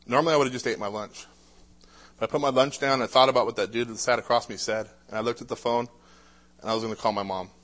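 Sharing his personal testimony, a man runs through his life story fast in a medium-pitched, steady, slightly bright voice. The delivery is casual and conversational, marked by many "uh" sounds and restarts.

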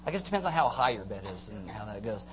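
Pastor, animated sermon, casual slang, acts out voices, faint hum underneath. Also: medium pitch, fast talker, low-quality recording.

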